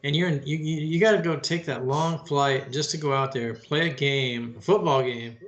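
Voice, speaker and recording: A man's voice: on the high side, moderate pace. A man co-hosting a casual podcast, rambling and restarting his sentences as he chats. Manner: rambling, with many restarts and fillers. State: married. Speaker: podcast co-host. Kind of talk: casual chat.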